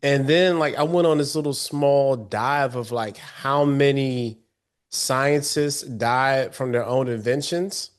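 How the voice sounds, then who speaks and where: A man co-hosting a podcast in a relaxed, thoughtful tone, slowing down to stress his points. His voice is mid-pitched and easygoing. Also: clear, resonant tone. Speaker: podcast co-host. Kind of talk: casual chat.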